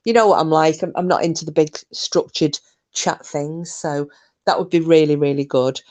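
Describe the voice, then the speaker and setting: A woman with a notably low voice talks loosely to her live chat. She rambles from one thought to the next, doubling back on her words. It sounds like a relaxed home stream on a computer mic. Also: normal speed, lo-fi sound. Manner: chatty, rambling, many restarts and fillers. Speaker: livestream host. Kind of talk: casual chat with live viewers.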